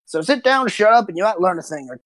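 A woman voicing a short, gruff old male lighthouse keeper with wild white hair, who talks bluntly and impatiently. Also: medium pitch, animated, fast, a bit bright, dry recording, lightly acted.

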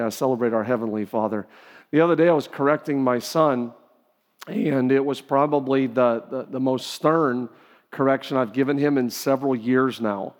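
A man's voice: mid-range voice, darkish tone. A middle-aged male pastor delivers a sermon in a mid-range voice, talking to the congregation in an earnest, conversational way and often restarting his sentences. His voice rings out through the long reverb of a large sanctuary.

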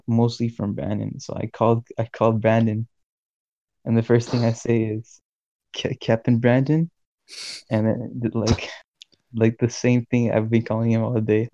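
A young man in his late teens co-hosts a podcast, telling a story in a laid-back way packed with filler words. His voice is medium-pitched and mellow, captured in a dry, lo-fi recording.

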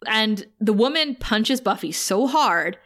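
A woman co-hosting a podcast in casual chat, retelling an episode with animated storytelling, acting out quotes and laughing often. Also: on the high side, takes it slowly. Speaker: podcast co-host.

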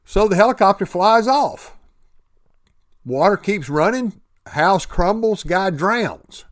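A man's voice: high-pitched, lively intonation, a little slow, dry recording, clean studio sound. A man giving an earnest motivational talk about prayer and recovery, often repeating words and restarting sentences. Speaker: speaker sharing faith and recovery.

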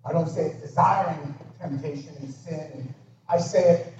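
A male preacher delivers a sermon with real emphasis, jumping from ringing exclamations to almost whispered asides. His voice sits a bit high for a man. He is recorded from a distance in a very echoey hall, on a dull-sounding mic with clear background noise. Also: fairly even intonation, moderate pace. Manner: emphatic, swinging from loud exclamations to hushed near-whispers.

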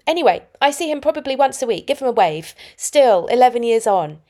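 A woman's voice: sits high, very animated, moderate pace, dark tone. A woman hosting her own podcast, telling personal stories in a reflective, anecdotal way from home. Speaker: podcast host. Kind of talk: solo podcast talk.

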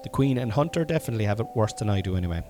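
A middle-aged Irish man hosting a podcast from home while sick, coughing now and then, rambling and swearing, with sudden loud bursts. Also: on the low side, lively intonation, rapid-fire, faint music behind. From Ireland. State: sick with covid, congested and coughing. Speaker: podcast host. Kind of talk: casual solo podcast monologue.

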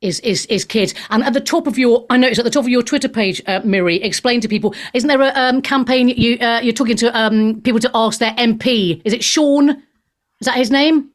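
A woman's voice: on the high side, a little fast. A woman hosting an interview show, asking chatty, loosely phrased questions. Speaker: talk show host. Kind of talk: casual interview chat.

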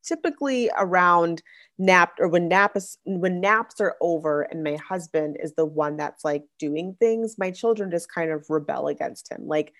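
A woman's voice: on the low side, normal speed. A young adult woman hosting a podcast, talking casually about faith and parenting, with a chatty manner full of "like" fillers and restarts. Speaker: podcast host.

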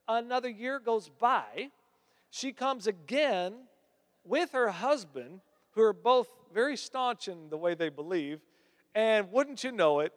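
In what sounds like a big church sanctuary with long reverb, a man preaches with a distinctly high voice. His storytelling grows animated, and his pitch climbs as he gets excited.

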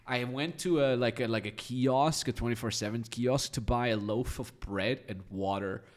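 A man in his thirties, from Austria, telling stories as a podcast guest in a lively, chatty way and acting out the voices of people in them. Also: mid-range voice, moderate pace. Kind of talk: casual storytelling.

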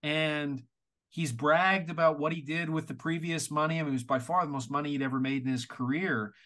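A man's voice: fairly high pitch, a little fast. Exasperated man from Canada. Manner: animated, exasperated, sweary. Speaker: podcast co-host. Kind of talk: casual podcast chat.

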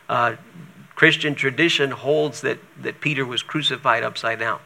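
A man's voice: medium pitch, steady tone, normal speed, gravelly, sharp tone. A man teaching from the Bible, reading passages aloud and breaking in with casual asides. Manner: reads scripture aloud then adds casual asides.

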